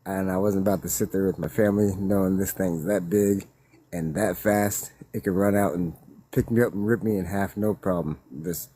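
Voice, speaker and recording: A man telling a witness story in a loose, rambling way, laughing and growing excited as he recounts it. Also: deep voice, slightly rough, no echo. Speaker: witness guest. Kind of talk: casual storytelling.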